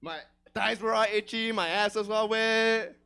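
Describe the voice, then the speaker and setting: A man from Kansas doing a stand-up comedy set, delivering crude, profane jokes in a deadpan way. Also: sits high, unhurried, vocal fry, clean tone. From Kansas, United States.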